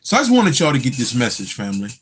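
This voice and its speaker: Laughing frequently, a spiritual guide swears his way through lively stories in a relaxed livestream for his audience. His voice is medium in pitch and slightly rough, and he talks rapid-fire.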